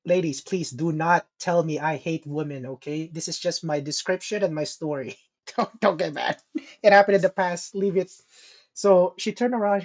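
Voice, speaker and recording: On the high side and at a moderate pace, this young man's voice carries a story on the podcast he co-hosts. The chat is casual, and he tells it animatedly with frequent profanity and laughter.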